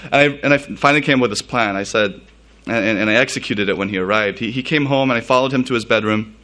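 A man's voice: fairly low pitch, quick pace, bright, forceful tone. A man from the United States, a pastor giving a sermon in a casual storytelling way, full of fillers and laughs.

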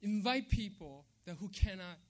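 A man's voice: sits high, expressive, moderate pace. A man preaching a sermon, emphatic, repeating key phrases and checking in with "right?". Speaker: pastor.

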